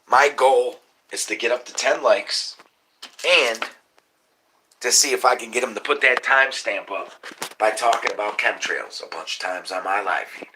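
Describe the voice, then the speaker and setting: A man, hosting a live stream and ranting excitably about conspiracies, cursing often and calling to viewers as y'all. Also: medium pitch, moderate pace. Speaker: livestream host. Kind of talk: casual live-stream rant. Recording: noisy live-stream audio.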